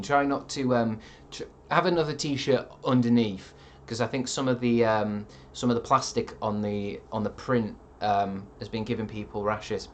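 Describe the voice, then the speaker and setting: A man in his thirties, a streamer chatting casually and reading out viewer comments in a deadpan, sardonic way with plenty of swearing. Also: on the low side, slight background noise.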